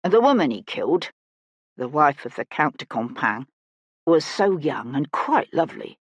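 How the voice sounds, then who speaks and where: A woman voicing a small, serious male magistrate who speaks gravely and quietly. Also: sits low, sing-song, moderate pace, no room sound, heavily acted.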